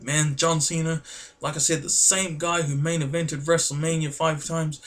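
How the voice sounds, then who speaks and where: A man, vlogging in a casual, rambling and excitable way, full of fillers. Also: on the high side, moderate pace. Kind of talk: casual chat to camera.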